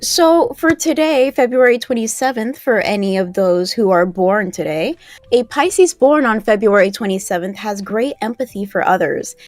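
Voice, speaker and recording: A mid-range voice at a moderate pace, dry recording: she's a livestream co-host playfully reading horoscope and history segments in casual chat. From New Jersey and raised in Florida, she has a mostly neutral American accent that turns a little Southern at times.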